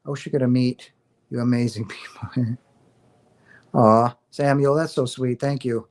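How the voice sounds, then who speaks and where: A man's voice: mid-range voice, fairly even intonation, measured pace. A middle-aged man hosting a livestream, talking casually and earnestly about spiritual experiences in a rambling, affectionate way. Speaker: livestream host.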